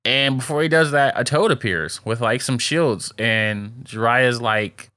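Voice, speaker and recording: A man narrates anime scenes to his co-host in loose, slangy talk, laughing along the way. His voice is bright and forward. The sound is dry and close. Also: mid-range voice, measured pace, no echo. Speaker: podcast co-host. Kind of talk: casual anime recap chat.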